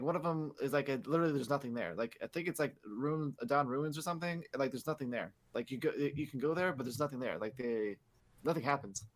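A man's voice: medium pitch, fairly bright tone. A man hosting a podcast, recapping in a rambling, casual way, swearing often and leaning on filler words. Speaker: podcast host. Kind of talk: casual chat.

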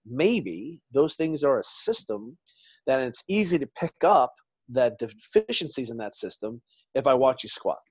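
A man's voice: medium pitch, big pitch swings, unhurried, breathy edge, no echo. Rambling man in his forties, dry sound. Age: 40s. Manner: rambling storyteller, trails off and restarts. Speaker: podcast guest. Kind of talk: casual interview chat.

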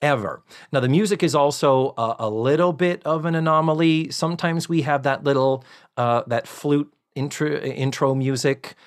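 A man's voice: a little high, normal speed. A man co-hosting a podcast, casually recapping a sitcom episode and acting out the characters' lines with sarcasm. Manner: animated storyteller, acts out quoted lines with sarcasm.

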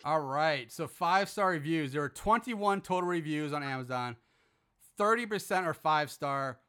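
A man's voice: a little high, lively intonation, moderate pace, music in the background. A man hosting a casual podcast, reading out movie reviews with sarcastic, profane, mock-outraged commentary.

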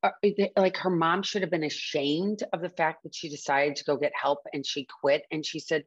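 Low-voiced earnest woman podcaster. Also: steady tone, normal speed, few pauses, husky, highs cut off. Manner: earnest, candid, circling and restarting. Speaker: podcast host. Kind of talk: candid personal talk on addiction recovery.

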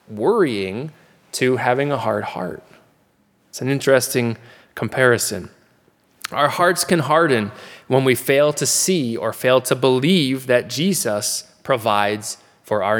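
A man preaches in an earnest, conversational way, slowing down to press his key questions. His voice sits at a middle pitch. A long reverb trails behind him, as in a large hall. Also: a bit bright. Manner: earnest, conversational teaching with restarts and slow emphatic repeats. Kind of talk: sermon.

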